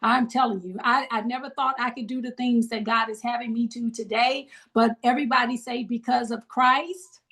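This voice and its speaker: High-voiced woman leading a grief group. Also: steady tone, moderate pace, gravelly, few pauses, fairly bright tone. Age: middle-aged. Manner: call-and-response, preacherly encouragement. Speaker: grief ministry leader. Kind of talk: leading a support group on a video call. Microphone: video call.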